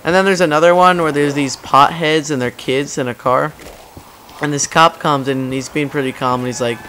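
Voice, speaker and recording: Chatting casually over gameplay, a young gaming commentator tells rambling stories, acting out the people in them with loud, high-pitched quotes. His tone is steady and his pace moderate, with slight background noise.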